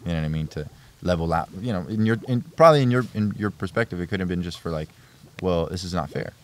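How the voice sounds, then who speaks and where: A man's voice: sits low, lively intonation, very fast. A young man speaking earnestly as a guest on a family podcast, rambling and often restarting his sentences. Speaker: podcast guest, host's son. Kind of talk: casual family podcast chat.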